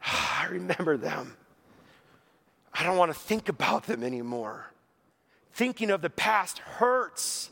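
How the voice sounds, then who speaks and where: Gravelly and slow, with lively intonation and long pauses, a man delivers a sermon in an earnest, conversational way. He paraphrases a psalm out loud, saying "like" constantly, and finishes in a low, soft voice.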